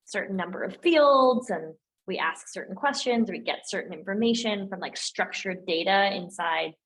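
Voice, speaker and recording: A young woman speaking as a guest in a casual interview, animated and chatty, filling her talk with "like" and "um". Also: medium pitch, normal speed, low-quality recording. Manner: animated and chatty, heavy use of "like" and "um". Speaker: guest, operations lead at a tech firm.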